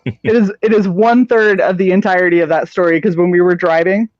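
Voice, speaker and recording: A woman co-hosting a live stream, telling a long story in a casual, profane, animated way and acting out the people in it. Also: fairly low pitch, brisk, dry recording, muffled recording.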